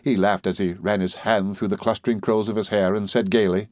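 A man narrating an audiobook in a measured storytelling manner. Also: fairly low pitch, steady tone, dry recording, studio quality. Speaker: audiobook reader.

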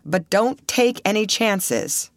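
A woman's voice: medium pitch, sing-song, slow pace, dry recording, studio quality, pitched above the performer's own voice. A woman voicing a hearty, encouraging male film company manager.

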